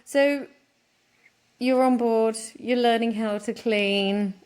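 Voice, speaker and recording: A woman host of a casual podcast chat with a slightly raised pitch. She talks easily, asking questions and laughing along with her guest. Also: fairly even intonation, takes it slowly, a little mellow, clean tone.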